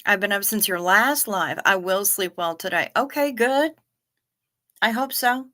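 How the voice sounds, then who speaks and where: Late at night, a sleepy middle-aged woman runs a livestream, yawning as she reads comments and chats casually with her audience. Her voice is medium-pitched and sharp-toned, and she takes her time.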